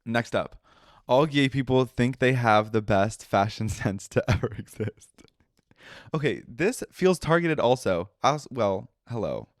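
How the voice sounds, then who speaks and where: A man's voice: medium pitch, measured pace, no echo, studio quality. A young man hosting a podcast in casual chat, talking with a nasal tone and leaning hard on his words to show how he feels. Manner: emphatic, expressive, with lots of laughing asides. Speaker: podcast host.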